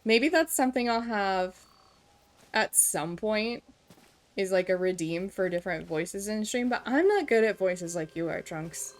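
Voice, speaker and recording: A woman's voice: mid-range voice, lively intonation, a little slow. A woman in her twenties from Kansas with an American accent, chatting casually on a live stream in a self-deprecating, giggly way. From Kansas, USA.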